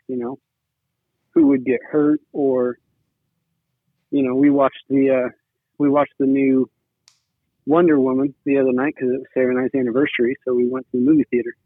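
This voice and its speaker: A man's voice: mid-range voice, expressive, normal speed, gravelly, long pauses, husky, no echo. A man talking casually as a guest, rambling with lots of "you know"s. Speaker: guest, sibling-in-law. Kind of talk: casual conversation. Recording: tinny phone-like line.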